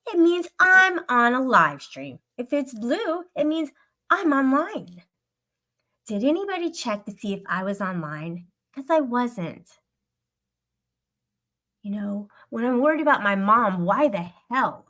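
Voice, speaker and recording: A woman's voice: mid-range voice, a bit bright. Upset streamer lady ranting at her chat, cussing a lot, aggrieved. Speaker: livestreamer. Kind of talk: venting to live chat.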